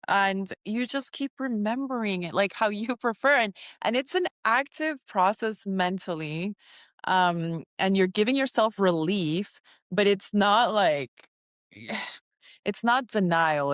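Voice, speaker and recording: A woman's voice: medium pitch, moderate pace, smooth, dry recording, studio quality. A woman co-hosting a spiritual podcast, chatting casually and acting out imagined inner voices with lots of "like" fillers. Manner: animated, acts out inner voices, frequent "like" fillers. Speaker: podcast co-host.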